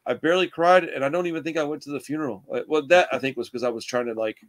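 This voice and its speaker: Casting: young guy, rambling storyteller, curses freely, fairly high voice. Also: very fast. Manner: rambling storyteller, swears a lot, says dude and bro. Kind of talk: casual chat.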